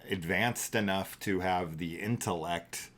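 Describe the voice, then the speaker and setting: A man's voice: low-pitched, a little slow, a bit bright. A middle-aged man co-hosting a casual movie review chat, rambling and thinking aloud with many fillers. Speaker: podcast co-host.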